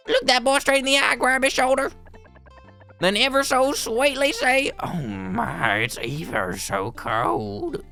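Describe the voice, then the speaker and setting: A man's voice: very high-pitched, creaky, sharp tone, pitched above the performer's own voice, heavily acted. A man voicing a doting, scheming old village woman in a game, crooning and theatrical.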